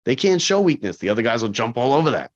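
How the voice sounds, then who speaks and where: A man in his forties, a corrections officer, telling stories in a casual interview, animated and full of fillers. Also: mid-range voice, quick pace. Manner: animated, acts out quoted people, frequent fillers. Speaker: corrections officer, podcast guest. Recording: dull lo-fi podcast audio.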